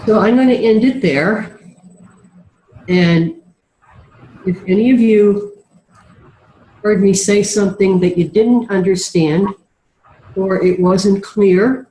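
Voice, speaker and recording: A woman's voice: medium pitch, slow, pauses often. A woman speaking over a video call from an office, earnest and sincere, her voice nasal from a sinus infection, with frequent ums and restarts. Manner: earnest, warm-hearted, with many ums and restarts. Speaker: guest speaker, refugee services worker. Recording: echoey video call audio.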